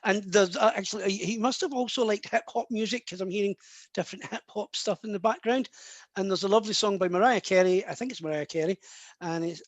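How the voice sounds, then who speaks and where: A man working as a psychic medium, giving a live reading to a sitter in a halting way, often repeating and restarting his words. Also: high voice, dry recording.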